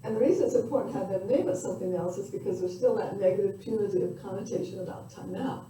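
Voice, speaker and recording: An older woman giving a parenting lecture in a reflective, conversational way, pausing with fillers. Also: medium pitch, warm tone. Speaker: parenting educator. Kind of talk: recorded lecture. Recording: echoey room from far off with faint noise.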